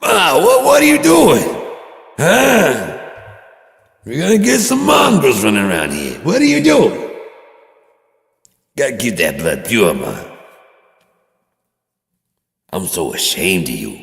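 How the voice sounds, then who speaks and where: A shrill, shouting bigot in mock outrage, pitched far above the deep voice of the man putting him on. He bellows and wails at full volume. The echo and long reverb of a bare room ring around him. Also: huge pitch swings, a little slow, exaggerated voice. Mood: outraged. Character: loud mock-bigoted grown man scolding his mother.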